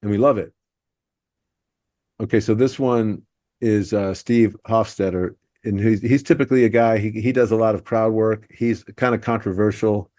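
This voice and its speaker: A male podcast host with a low, mellow voice, breaking down jokes in an analytical way. The sound is dry and close. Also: steady tone, normal speed, no room sound. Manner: analytical, explaining joke structure. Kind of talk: podcast discussion.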